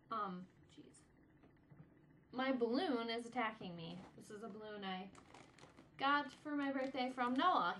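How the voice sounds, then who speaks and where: A woman's voice: on the high side, pushed and bright, a little hiss or hum. A young American woman vlogging in casual chat, bubbly and rambling as she gushes to camera. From United States. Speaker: vlog channel regular.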